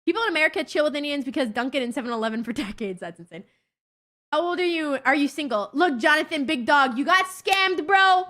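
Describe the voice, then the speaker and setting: High, lively, foul-mouthed woman streamer. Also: quick pace. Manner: profane, blunt, excitable. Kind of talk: casual livestream chat with viewers.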